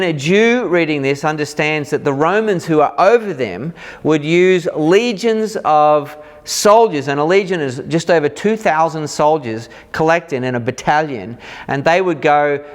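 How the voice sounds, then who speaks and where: Man teaching the Bible conversationally. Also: a little high. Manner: animated, acts out reactions in lively quoted voices; informal, with fillers and restarts.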